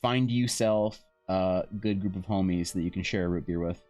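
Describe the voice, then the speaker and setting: A man's voice: sits low, moderate pace, darkish tone, faint music behind. A man chatting casually with his stream viewers, telling rambling stories full of swearing. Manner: profane, rambling storytelling. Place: home.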